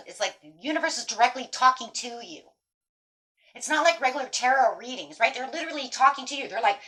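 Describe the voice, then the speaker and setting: A woman giving a casual tarot reading, talking straight to her viewers in an animated, emphatic way and swearing now and then. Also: medium pitch. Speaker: tarot reader.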